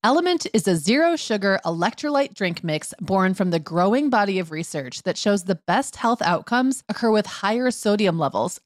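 A woman co-hosting a parenting podcast, reading sponsor copy in a lively, jokey way. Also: mid-range voice, normal speed, few pauses, no room sound, studio quality. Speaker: podcast co-host. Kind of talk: casual podcast chat with read ads.

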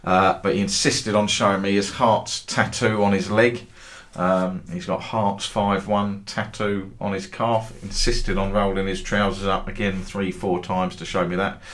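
A man's voice: low-pitched, flat delivery, unhurried, few pauses, a bit bright. A middle-aged man who hosts a football trading group, telling meandering anecdotes with dry humour and casual swearing.

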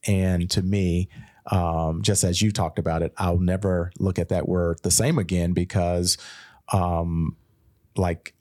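A man, a pastor co-hosting a Bible podcast, talking in a thoughtful, halting way with frequent restarts. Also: low-pitched, level tone, darkish tone. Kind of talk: casual Bible discussion.

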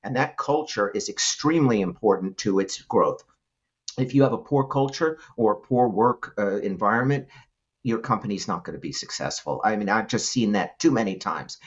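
A middle-aged man, a guest entrepreneur, giving an animated storytelling answer with frequent laughs and restarts. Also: fairly low pitch, normal speed, slightly rough, lo-fi sound.

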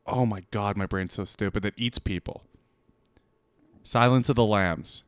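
In casual podcast chat, this co-host is blunt, teasing, and quick to swear. He speaks in a fairly low, smooth voice without hurrying, and the recording is dry.

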